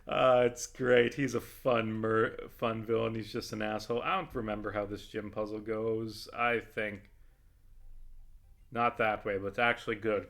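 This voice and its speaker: A man with a bright, forceful voice gives loose, rambling commentary while he plays a video game. He swears a lot and drifts from easygoing chat into fired-up rants. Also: on the low side. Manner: rambling, profane, swings into heated ranting. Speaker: vlogger playing a video game. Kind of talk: casual gameplay commentary.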